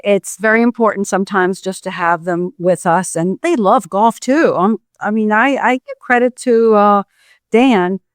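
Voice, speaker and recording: A middle-aged woman hosting a podcast, chatty and warm, often pausing on fillers. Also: mid-range voice, clear, resonant tone, no echo, clean studio sound. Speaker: podcast host. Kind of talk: casual interview chat.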